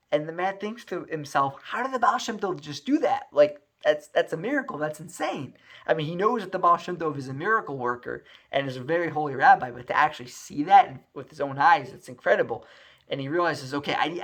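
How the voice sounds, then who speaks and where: A man with a slightly high voice telling a story in a lively, conversational way. He jumps into the characters' lines with real feeling and often restarts his sentences as he goes. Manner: animated, acts out dialogue with many restarts. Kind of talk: storytelling narration.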